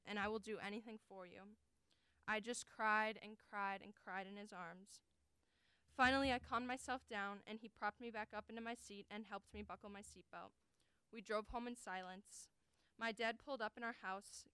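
A woman's voice: medium pitch, bright, forceful tone, clear, resonant tone, dry recording. Young woman doing a dramatic prose reading, earnest and weighty, super clean voice, dead dry sound. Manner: earnest, deliberate, emotionally weighted delivery. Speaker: college forensics team performer.

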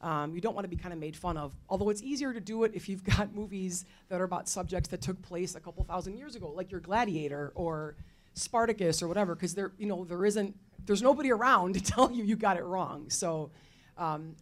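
A woman history teacher speaking on a faculty panel, telling her points in a lively, expressive way with casual fillers. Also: fairly low pitch, brisk. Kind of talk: panel talk.

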